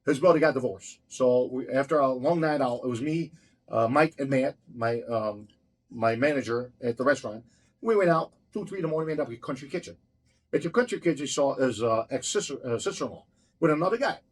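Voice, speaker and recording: A man's voice: mid-range voice, lively intonation, brisk, husky. A man who owns a restaurant tells a heated, profane story in an interview, blunt and swearing constantly as he acts out each exchange. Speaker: restaurant owner.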